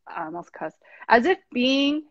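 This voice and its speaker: A woman's voice: high-pitched, sing-song, unhurried, no room sound, muffled recording. A woman hosting a casual chat, talking in an impassioned, frustrated way with many restarts, over a video call. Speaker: host.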